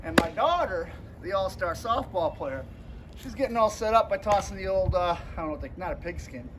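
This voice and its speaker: A man's voice: sits high, fairly quick. A man vlogging, telling a story casually and acting out the people he quotes. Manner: lively storyteller who acts out the people he quotes. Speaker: vlogger and pro wrestler. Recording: noisy ambient background.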